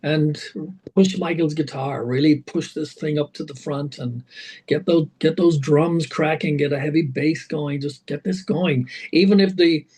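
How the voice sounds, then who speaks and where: A man, a rock singer being interviewed, telling animated anecdotes full of fillers and restarts. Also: on the high side, measured pace, breathy edge, low-quality recording. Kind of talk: casual interview storytelling.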